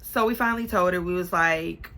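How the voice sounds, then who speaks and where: A young woman telling a story to her camera in a casual storytime vlog, animated and sassy, calling the listener baby and honey. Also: fairly low pitch, brisk, heavy background noise. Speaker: vlogger.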